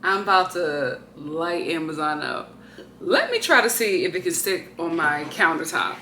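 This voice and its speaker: A woman's voice: on the low side, animated, measured pace, sharp tone, a little hiss or hum. A woman vlogging casually at home, exclaiming and grumbling to her viewers as she unboxes something. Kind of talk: casual vlog chat. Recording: roomy echo, faint ambience.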